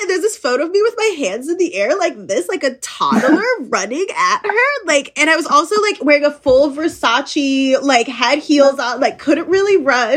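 A woman's voice: high voice, moderate pace, slightly rough. A young adult woman chatting as an interview guest, bubbly and giggly as she tells stories. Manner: bubbly, giggly, lively storytelling. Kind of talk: casual interview chat.

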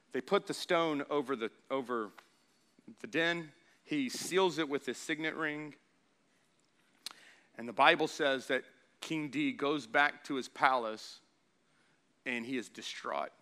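A pastor preaching a sermon, moving from quiet storytelling to loud, animated preaching as he acts out the quotes. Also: mid-range voice.

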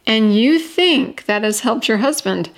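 A woman reading the part of a refined lady stranger, gentle and kind. She speaks softly and soothingly in a slightly high voice, with polished phrasing, in a storybook reading. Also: lively intonation, a little slow. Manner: soft, soothing, well-spoken.

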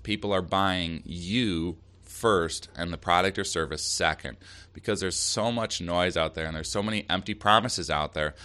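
A man's voice: deep voice, normal speed, sharp tone. A man hosting a solo marketing podcast, giving upbeat, direct advice with emphasis. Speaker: podcast host.

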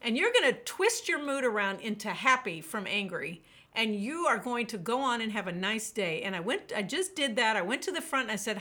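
A woman with a bright, clear voice and a fairly high pitch talks as a podcast guest. She tells her stories with animation and acts out her own past thoughts. Her delivery is expressive and lively. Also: a little fast, hardly any pauses. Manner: animated storyteller, quotes herself vividly. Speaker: guest, burnout author. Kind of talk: podcast interview, storytelling.

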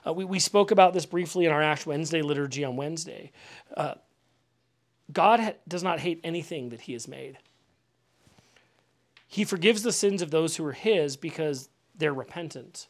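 A middle-aged male pastor with a fairly high voice gives a teaching sermon. He talks conversationally, stumbles over and repeats words, and keeps asking his listeners questions. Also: normal speed, pauses often. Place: house.

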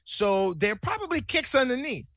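A man's voice: very high-pitched, big pitch swings, normal speed, a bit bright, dry recording, studio quality. A man co-hosting a podcast in casual comedic chat, jokey and hamming up a theatrical posh accent. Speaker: podcast co-host.

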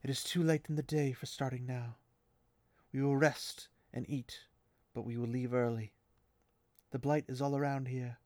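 A man reading a solemn sorceress's lines aloud from a novel, slow and measured. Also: mid-range voice, fairly even intonation, darkish tone, no room sound, close to an everyday voice.

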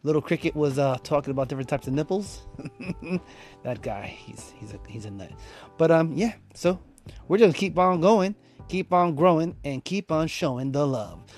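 A man hosting a podcast in a laid-back, playful way, with rhyming shout-outs and frequent laughs. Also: on the high side, lively intonation, moderate pace, soft background music. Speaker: podcast host. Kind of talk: casual podcast chat.

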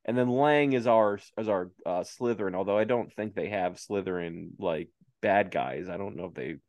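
A man's voice: on the low side, darkish tone, dry recording. Brief: male podcast co-host, giggly and jokey, dry close-mic sound. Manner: giggly, jokey, quick asides. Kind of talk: casual chat.

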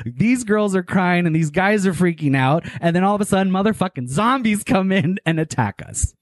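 A man telling a long story in casual chat, animated and full of filler words and swearing. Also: high-pitched, normal speed, dry recording.

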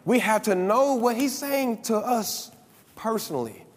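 High-voiced preacher in a reverberant hall. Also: male voice, sing-song, unhurried. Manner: emphatic, repeats lines for effect. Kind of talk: sermon. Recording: long reverb of a large hall.

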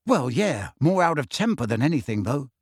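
A man voicing a blunt, excitable teenage schoolboy in an audiobook reading. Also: mid-range voice, normal speed, slightly rough, no room sound, clean studio sound.

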